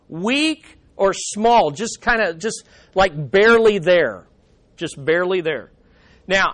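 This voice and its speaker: A man's voice: high voice, a bit bright. A man teaching a Bible study lesson in a conversational way, with dry humorous asides and frequent restarts.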